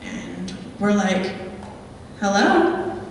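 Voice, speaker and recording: This young adult woman, a guest speaker at a meeting hall, has a mid-range, sing-song, creaky voice and talks extremely slowly. She spins a chatty story full of ums for a live audience during a Q&A-style talk, captured distantly in an echoey hall with slight background noise.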